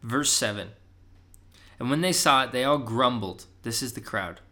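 A man's voice: medium pitch, normal speed, bright, forceful tone. A young adult man giving a casual podcast sermon as a preacher, conversational and often asking "right?", rising with emphasis when he urges his listeners.

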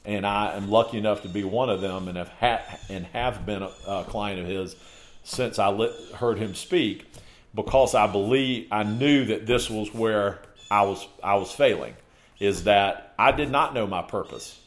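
Man, podcast guest, casual conversation, low-pitched, emphatic, lists points. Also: a little slow.

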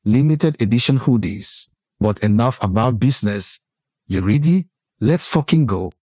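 A man's voice: medium pitch, animated, measured pace, darkish tone. A man giving a scripted, playful intro to a podcast with a mock-menacing tone. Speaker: show intro announcer.

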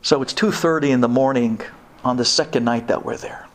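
A rabbi telling a humorous personal story in a Torah talk, animated and acting out the dialogue. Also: male voice, mid-range voice, a little fast.

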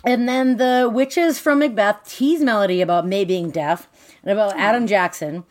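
A woman's voice: mid-range voice, moderate pace. A woman co-hosting a podcast, recapping a book's plot in a chatty, irreverent way with crude jokes. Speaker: podcast co-host. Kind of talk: casual chat recapping a book.

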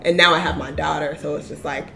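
Young woman guest, chatty, laughs a lot, slightly low voice. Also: quick pace, gravelly, a loud crowd. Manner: chatty, animated, laughs often, many "like" fillers. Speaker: guest, small business owner. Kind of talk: casual interview chat.

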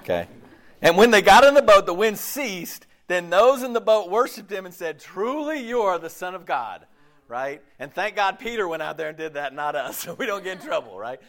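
A man delivers a relaxed, chatty sermon in a somewhat high voice that leaps and dips all over. He laughs easily, trails off and restarts his sentences, and drops into playful voices. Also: moderate pace. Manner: animated, laughs often, jumps into playful voices; loose, self-interrupting, many fillers. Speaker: preacher. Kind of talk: casual conversational sermon.

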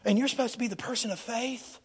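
A middle-aged male pastor preaching a sermon with animated delivery, acting out voices and swinging between loud and hushed. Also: very high-pitched, fast talker, breathy edge.

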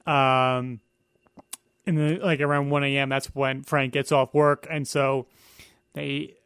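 A man's voice: medium pitch, level tone, slow, a bit bright, smooth, no echo, studio quality. A young man talking as a guest on a casual film podcast, explaining editing in an analytical way with many fillers.

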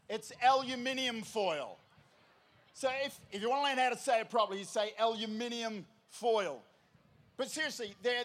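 An Australian man in his forties, speaking from a festival stage to a big crowd. His voice sits high and sounds crisp and sharp, and he jokes, calls out to the audience and often shouts. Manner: energetic, jokey call-and-response, often shouting. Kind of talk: stage address to a large crowd.

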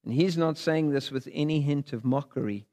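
A man's voice: fairly high pitch, moderate pace, dark tone. A man preaching a sermon, reading scripture dramatically with big rises and drops in his voice. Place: church sanctuary. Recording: long hall reverb.

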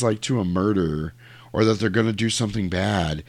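Low-voiced man retelling a movie. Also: no room sound. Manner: animated storyteller acting out lines in quick voices. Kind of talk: casual chat retelling a movie.

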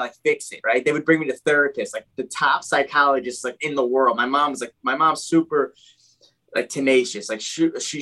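Male guest, New Jersey, fast rambling storyteller, heavy on "like". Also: mid-range voice, a bit bright, low-quality recording. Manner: rambling, packed with "like" and "you know". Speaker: guest telling his life story. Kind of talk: casual personal storytelling.

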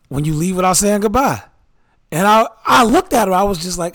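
Podcast co-host, a man with a slightly raised pitch, loose and chatty. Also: expressive, fairly quick, a bit bright. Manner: loose, laughing storyteller with slang. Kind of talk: casual chat, storytelling.

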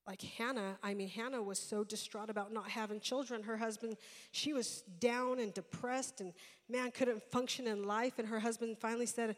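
A fairly high-voiced woman preaching a sermon, retelling a Bible story in a storytelling way that builds to loud, passionate preaching. Her voice rings through a church sanctuary with a long echo.

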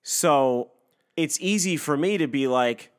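A man's voice: fairly high pitch, expressive, slow. A man co-hosting a casual podcast, ranting emphatically with heavy profanity. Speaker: podcast co-host. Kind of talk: casual crude podcast banter.

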